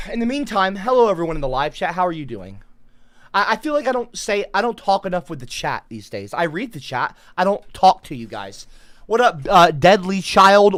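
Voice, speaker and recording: Profane, shouty male livestream host. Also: no echo. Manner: profane, mock-teacherly, bursts into shrill shouting. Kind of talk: comedic livestream rant.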